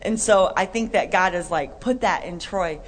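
Woman chatting on a christian show, lively, acts out bits of dialogue. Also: lowish voice, moderate pace. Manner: chatty, animated, acts out quotes. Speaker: co-host. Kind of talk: Christian podcast chat.

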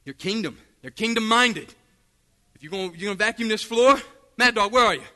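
A man preaching a fiery sermon, calling out to the congregation and shouting at the peaks. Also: high voice, animated, fairly quick, long reverb tail.

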